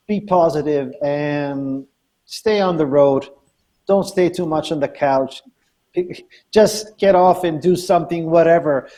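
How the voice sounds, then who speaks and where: Upbeat man with a mellow voice. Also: on the high side. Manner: upbeat, encouraging. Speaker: panelist photographer. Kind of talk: livestream panel discussion.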